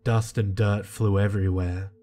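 A man reading a creepy first-person horror story in a slow, hushed and tense way. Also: on the low side, flat delivery. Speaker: narrator. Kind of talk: scripted horror narration. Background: soft music.

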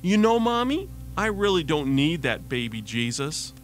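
A man's voice: on the high side, sing-song, normal speed, soft background music, voice pushed up. A man voicing a sweet, earnest little girl of about five in a radio devotional story. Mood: tender. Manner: pleading, gentle child voice.

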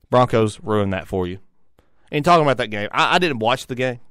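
A man's voice: mid-range voice, lively intonation, a little fast, fairly bright tone, smooth, no echo, clean studio sound. A young adult man, hosting a solo sports talk show, rambling with frequent restarts and repeated words. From Tennessee. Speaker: sports radio host.

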